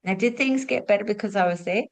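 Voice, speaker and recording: A middle-aged woman, a spiritual teacher and former nurse, telling stories as a lesson and asking rhetorical questions, moving between lively and hushed delivery. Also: medium pitch, fast. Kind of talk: storytelling teaching talk.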